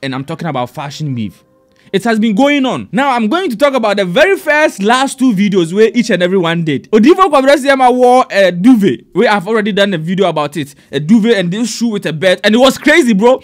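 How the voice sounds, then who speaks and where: A man hosts in an excitable, chatty way. His voice sits high and jumps around lively. Faint music plays underneath. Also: fast talker. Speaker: show host. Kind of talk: casual commentary.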